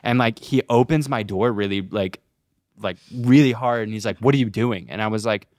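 A man's voice: on the low side, moderate pace, dry recording, clean studio sound. A young man co-hosting a podcast, telling a rambling, profane story in casual chat, heavy on fillers. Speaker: podcast co-host.

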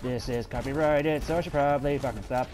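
A man giving excitable, swearing let's play commentary while gaming and talking to his teammates. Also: mid-range voice, a little fast, background noise. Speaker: gamer. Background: game music and sound effects.

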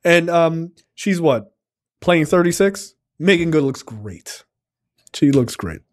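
Male podcast co-host, 40s, slightly high voice, rambling and profane, casual review chat. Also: expressive, slow. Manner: loose and profane, with many fillers and acted-out quotes.

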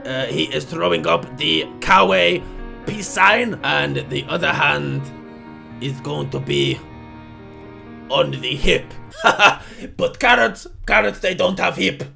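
A man's voice: fairly high pitch, slow pace, creaky, music in the background, exaggerated voice. A man voicing a boastful male French painter in an exaggerated fake French accent while commentating a game. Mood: proud. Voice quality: exaggerated theatrical put-on voice, loud exclamations. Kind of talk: gaming commentary in character.

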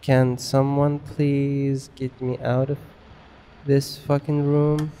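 A man's voice: mid-range voice, level tone, slow pace, dark tone, a little hiss or hum. A man giving casual, rambling let's play commentary on a horror game, swearing constantly and mocking himself. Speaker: gamer.

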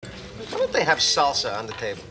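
A man's voice: medium pitch, huge pitch swings, normal speed, pushed and bright. A man voicing a grumbling restaurant customer who mutters complaints.

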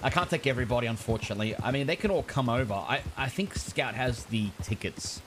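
A man's voice: mid-range voice, fast talker, background noise. A man streaming a game, chatting casually, swearing often and laughing a lot. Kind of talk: casual gaming stream chat.

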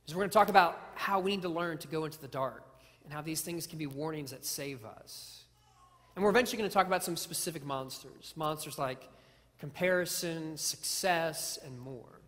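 A man's voice: on the high side, fairly bright tone. Male preacher, earnest storyteller, stumbles and restarts words, big reverberant church. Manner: earnest storytelling with self-deprecating humor; repeats phrases and restarts words. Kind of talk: sermon. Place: church sanctuary. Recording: long hall reverb.

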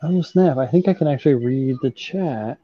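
A man's voice: mid-range voice, moderate pace, no echo, muffled recording. A man joining a stream chat from his phone, talking in an easygoing, chatty way. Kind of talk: casual chat.

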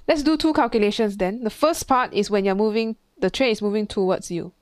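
A woman's voice: mid-range voice, brisk, dry recording, studio quality. A woman physics tutor, talking through an exam question in a chatty way, thinking aloud and imitating sounds. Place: classroom.

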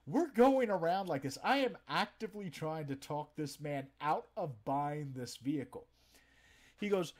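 A man in his forties casually telling comic stories to a stream audience, swearing freely and animated. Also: a little high, measured pace. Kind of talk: casual storytelling.

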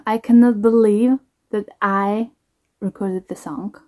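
A woman, a singer, talking casually to camera in a reaction vlog, halting, restarting and trailing off as she reflects. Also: mid-range voice, steady tone, mellow.

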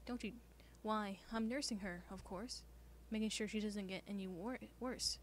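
A woman voicing a creepy, obsessive young man in a video game, speaking low and insinuating, at times in a whisper, over loud noise. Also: moderate pace, lightly acted.

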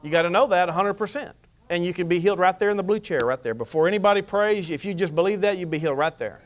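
A man's voice: high-pitched, quick pace. A man preaching a sermon as pastor, mixing scripture reading with humor. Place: church.

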